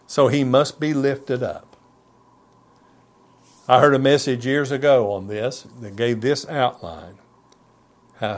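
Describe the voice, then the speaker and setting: A man delivering a sermon as a pastor, his voice sitting at an ordinary middle pitch. He pleads and presses his points, climbing on key words and then falling suddenly quiet for emphasis. It has the steady cadence of a church broadcast message. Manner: emphatic, pleading preaching with sudden soft drops.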